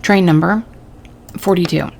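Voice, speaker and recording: A woman voicing a bored, flat-spoken male customs inspector in a game. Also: fairly low pitch, unhurried, gravelly. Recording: steady background noise.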